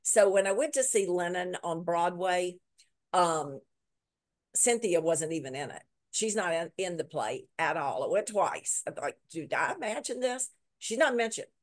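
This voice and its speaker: A woman author, a guest in a video interview, telling a story with lively retelling and repeating words for emphasis. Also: on the low side, a little slow. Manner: lively retelling that acts out quoted lines.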